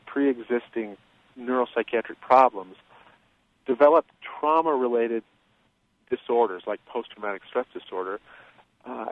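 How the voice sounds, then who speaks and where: A man being interviewed as an expert, explaining at a measured pace with many fillers and restarts. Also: mid-range voice, dry recording. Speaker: guest expert on childhood trauma. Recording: tinny phone-line sound.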